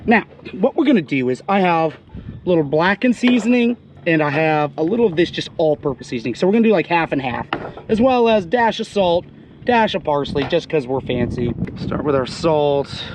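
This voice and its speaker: A man hosting a fishing vlog, talking casually while he cleans and cooks fish, hoarse as he loses his voice. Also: on the high side, big pitch swings, normal speed, a little hiss or hum. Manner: chatty, exclaims often. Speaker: fishing channel host. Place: outdoors on a boat.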